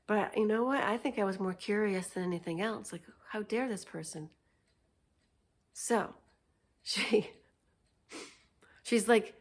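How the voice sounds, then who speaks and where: A woman's voice: mid-range voice, slow pace, long pauses. A woman telling a story in an unscripted casual vlog, chatty and meandering, laughing often. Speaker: vlogger.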